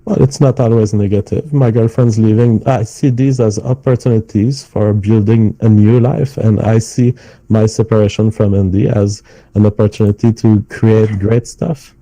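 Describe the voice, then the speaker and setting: A man with a French accent, calmly and deliberately defending himself in a live-stream debate. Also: on the low side, no room sound, poor audio. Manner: calm, measured, deliberate. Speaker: stream guest.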